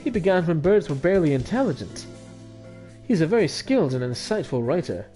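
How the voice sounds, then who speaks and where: A man voicing a pompous male pigeon, speaking slowly and theatrically with a failed attempt at a French accent. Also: on the high side, sing-song, dark tone, soft background music. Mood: grandiose.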